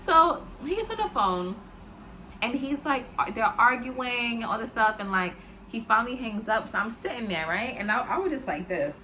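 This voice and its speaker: A woman's voice: fairly high pitch, lively intonation, a little slow, sharp tone, a little hiss or hum. A young adult woman telling a personal story in a casual, chatty way, with lots of "like" and "y'all" as she talks to her viewers.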